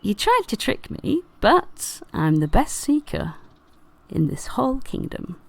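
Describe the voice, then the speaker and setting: A woman's voice: on the high side, very animated, measured pace, gravelly, no echo, pitched above the performer's own voice, full character voice. A woman voicing a cheeky, boastful female fairy who is proud of her seeking skills.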